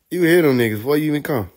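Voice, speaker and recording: Man, slightly high voice, laughing storyteller on a phone livestream. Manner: laughing, profane, animated street storytelling. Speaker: livestream host. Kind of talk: casual storytelling on a live stream.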